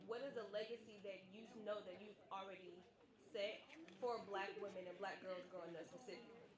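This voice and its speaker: A woman's voice: mid-range voice, fairly even intonation, brisk. A young woman in the audience asking the speaker a thoughtful question. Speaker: student in the audience. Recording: echoey hall with crowd.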